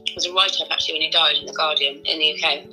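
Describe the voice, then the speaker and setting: A woman from Devon, England co-hosts a casual podcast, rambling playfully and swearing freely. Her low voice is level yet forceful and bright, and she talks at a racing speed; the audio is poor, with soft music in the background.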